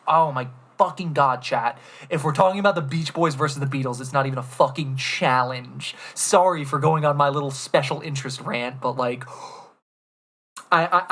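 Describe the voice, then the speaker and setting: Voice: mid-range voice, a bit bright. A young streamer ranting casually to chat about albums, enthusiastic and rambling, swearing often.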